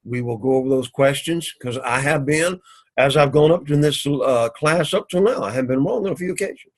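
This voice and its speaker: Husky man teaching Greek grammar. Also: mid-range voice. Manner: methodical, repeats "again" often, reads Greek slowly. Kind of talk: recorded classroom lecture. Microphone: camera recording of a lecture.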